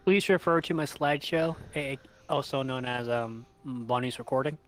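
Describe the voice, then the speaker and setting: A man's voice: medium pitch, normal speed, a bit bright, a little hiss or hum. A man playing a tabletop game, casual and joking. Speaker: player.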